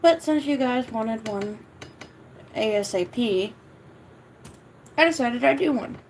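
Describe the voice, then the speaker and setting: A woman hosting a casual livestream, tired and lethargic, swearing offhandedly, and switching to high sing-song baby talk when she talks to her cat. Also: animated, slow pace, a little hiss or hum, rough recording. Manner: low-energy, sluggish, swearing casually. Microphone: camera mic.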